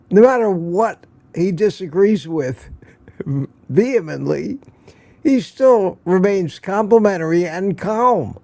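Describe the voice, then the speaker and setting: An older man with a high-sitting voice and a dark tone hosts a casual morning livestream. He muses and rambles, sounding a bit out of breath, with sighs and restarts along the way.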